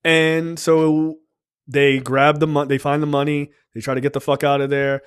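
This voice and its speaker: A man co-hosting a podcast, retelling a show's plot in casual, animated chat full of swearing and fillers. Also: a little high, moderate pace, clean tone. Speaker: podcast co-host.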